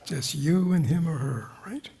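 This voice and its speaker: A man leads a dharma talk in a gravelly, rough-edged voice with a dark, mellow tone. He questions his audience constantly and slips into soft whispers. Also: fairly high pitch, lively intonation, measured pace. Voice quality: gravelly, husky. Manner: questioning, engaging the audience with repeated "right?" and "you know"; drops into soft whispers at times. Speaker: meditation teacher. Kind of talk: dharma talk to a retreat group. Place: meditation hall with a live group.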